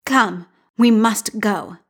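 A woman's voice: medium pitch, moderate pace, creaky. A woman voicing a firm mother speaking urgently with fear under it. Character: fearful, urgent mother of a young girl.

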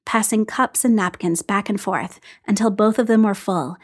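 A woman reading a story aloud in an even, unhurried storytelling voice. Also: medium pitch. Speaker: story reader. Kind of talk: reading fan fiction aloud.

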